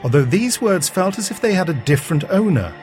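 A man narrating an audio story in a steady, measured way. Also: sits high, over music.

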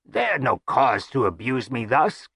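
A man voicing a shrill, panicky, pop-eyed male rogue who whines pompously in a storybook reading. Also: sing-song, unhurried, vocal fry, bright, forceful tone, husky, no room sound, studio quality, heavily acted. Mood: indignant whining. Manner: shrieking, whining, pompous.

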